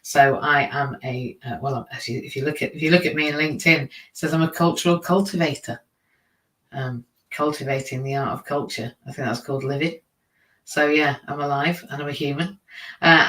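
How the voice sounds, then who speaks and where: A man's voice: mid-range voice, pushed and bright. A man hosting a live stream in a casual, rambling, self-deprecating monologue, laughing often at his own slips. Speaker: teacher. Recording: roomy, from a distance.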